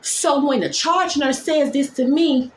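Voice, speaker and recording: A woman nurse telling a dramatic workplace story in a storytime vlog, talking in quick, animated bursts. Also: sits high, reverberant, a little hiss or hum.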